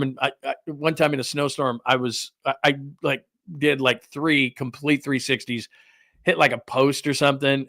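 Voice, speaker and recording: A man's voice: a little high, fairly bright tone, no room sound, studio quality. A middle-aged man hosting a sports talk show, chatting casually in a rambling way and laughing often. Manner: rambling storytelling with frequent laughs. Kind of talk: casual chat.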